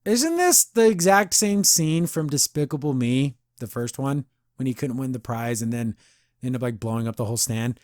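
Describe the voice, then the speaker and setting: A man's voice: mid-range voice, animated, moderate pace, darkish tone, dry recording, studio quality. A man hosting a podcast, casually reviewing an episode, rambling and laughing often. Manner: chatty, rambling, laughs often, says "I don't know" a lot. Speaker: podcast host.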